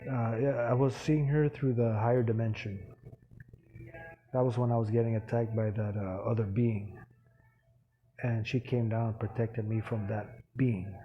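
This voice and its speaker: A man's voice: medium pitch, steady tone, highs cut off, a little hiss or hum. Rambling man telling a personal story. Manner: rambling, halting, many restarts and fillers.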